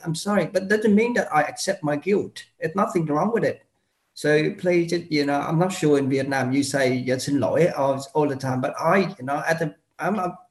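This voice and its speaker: A man's voice: a little high, darkish tone. A man speaking as a doctor giving classroom feedback, earnest and repetitive, restarting often. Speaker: doctor teaching. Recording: roomy echo.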